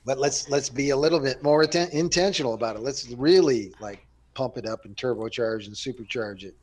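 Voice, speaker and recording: A man's voice: medium pitch, fairly quick, a little mellow. A man hosting a casual panel chat, rambling with many fillers and restarts.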